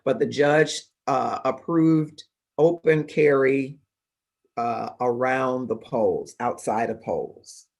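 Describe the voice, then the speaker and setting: A middle-aged man from Detroit hosts his own livestream and tells a story straight to the camera. His voice is husky and mid-pitched for a man. He talks deliberately, with fillers and small restarts. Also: a little mellow. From Detroit, Michigan. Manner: conversational, deliberate, with fillers and self-corrections. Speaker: livestream show host. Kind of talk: casual storytelling monologue. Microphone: livestream microphone.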